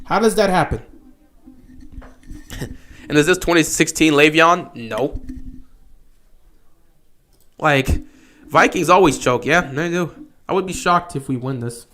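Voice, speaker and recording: High-voiced excitable football streamer man. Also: takes it slowly, pauses often, a little hiss or hum. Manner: excitable, shouts at big plays then mutters. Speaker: livestream host. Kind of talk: live football watch-along commentary.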